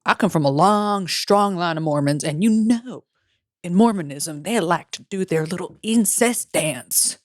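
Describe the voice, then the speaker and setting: A woman's voice: fairly low pitch, lively intonation, a little slow, no room sound, studio quality, voice pushed down. A woman doing a dim Southern bumpkin drawl. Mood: deadpan. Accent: put-on Southern US.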